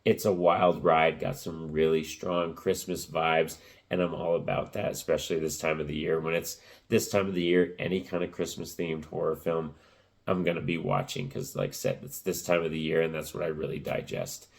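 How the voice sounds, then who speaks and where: A man giving a casual spoken movie review, rambling with lots of fillers, his voice cracking and rough. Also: extremely low pitch, moderate pace.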